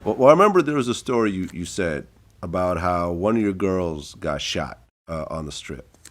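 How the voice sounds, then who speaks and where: A man doing an impression of a calm male interviewer, asking questions slowly and evenly. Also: low-pitched, pitched below the performer's own voice. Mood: measured. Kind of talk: comedic parody interview.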